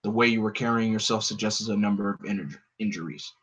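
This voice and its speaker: A man voicing a stern, cold, analytical masked vigilante in a low, quiet, gravelly growl. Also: fairly even intonation, fairly quick.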